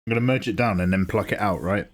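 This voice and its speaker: A man's voice: fairly low pitch, quick pace. A young man hosting a live drawing stream, chatting casually and joking with viewers. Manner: chatty, jokey, laughs often. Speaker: livestream host. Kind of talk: casual chat while drawing.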